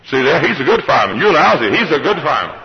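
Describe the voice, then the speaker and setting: A man's voice: a little high, very animated, quick pace, dull audio, a little hiss or hum. A man preaching a sermon to a church congregation, directing members by name and calling for responses. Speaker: pastor. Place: church service.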